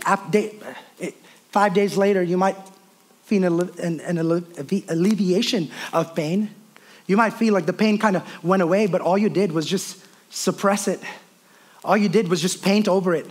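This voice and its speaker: A pastor with a high, light voice delivers an earnest sermon to his congregation. He repeats words while searching for the right ones, shifting between raised and hushed passages.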